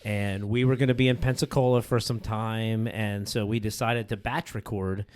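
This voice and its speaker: A middle-aged man co-hosting a podcast in casual chat, laughing a lot and quick to agree. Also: lowish voice, fairly even intonation, clear, resonant tone. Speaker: podcast co-host.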